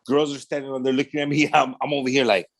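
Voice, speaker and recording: Animated man telling his life story. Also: mid-range voice, quick pace. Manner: animated storyteller who acts out quoted dialogue; casual street slang, often says "man". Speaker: pastor. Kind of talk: telling his testimony in a podcast interview.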